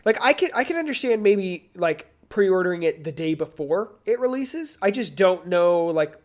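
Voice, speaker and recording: Rambling male co-host, filler-heavy. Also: sits high. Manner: rambling, many fillers and restarts. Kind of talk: casual chat on a live show.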